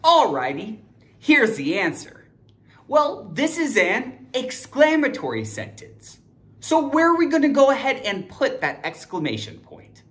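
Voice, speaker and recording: A woman's voice: on the high side, wildly swooping pitch, a little slow, over music. A young woman teaching an online grammar lesson, upbeat and emphatic, cheering on her students.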